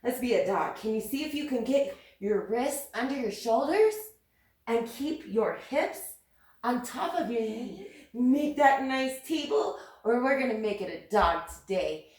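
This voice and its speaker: A young woman teaching yoga to little kids in a sing-song, coaxing way, with hisses and moos along the way. Her voice sits a touch high and rings around a very echoey room. She sounds set back from the microphone. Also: animated, unhurried, darkish tone, distant mic. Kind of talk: playful guided yoga class for children.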